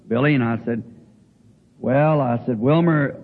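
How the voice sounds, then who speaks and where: An older man preaching in a folksy way, telling a homespun story with halting restarts. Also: medium pitch, vocal fry. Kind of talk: folksy sermon anecdote. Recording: tinny phone-like old recording with faint hiss.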